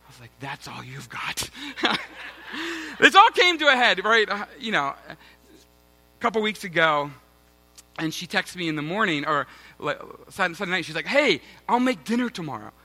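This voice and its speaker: A man's voice: high-pitched, sing-song, normal speed, bright, forceful tone. A man in his thirties, a pastor, giving a sermon with a self-mocking personal story and chatty asides to the congregation. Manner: self-mocking, conversational, addresses congregation as guys.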